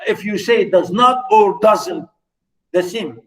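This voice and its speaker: A man's voice: high voice, slow pace. A man giving a classroom lecture on poetry, repeating himself and asking the class rhetorical questions. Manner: repetitive, rhetorical questions, many "you know"s. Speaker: literature lecturer. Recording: voice from far off the mic.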